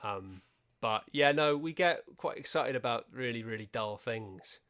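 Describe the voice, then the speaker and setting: A man's voice: mid-range voice, animated, unhurried, fairly bright tone, clear, resonant tone. Male guest, mid-range voice, dry self-deprecating anecdotes. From England. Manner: wry, self-deprecating storyteller. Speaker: podcast guest. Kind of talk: casual chat.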